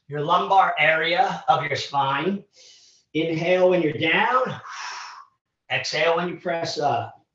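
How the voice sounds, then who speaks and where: A man's voice: high-pitched, a bit bright. A man leading a live virtual workout, counting down reps and cueing moves in an encouraging way while out of breath. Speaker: fitness instructor. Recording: echoey, distant, dull livestream audio.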